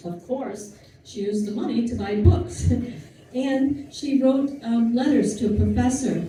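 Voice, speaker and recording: A woman's voice: mid-range voice, warm tone. A woman giving an informal history talk to an audience, chatty and storytelling, with asides and fillers. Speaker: lecturer. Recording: distant mic in an echoey room with faint noise.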